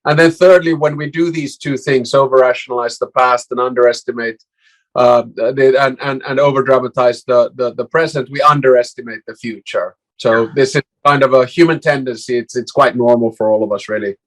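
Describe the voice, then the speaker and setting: Measured man explaining calmly. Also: medium pitch. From Finland. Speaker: guest, former prime minister and professor. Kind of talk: interview answers.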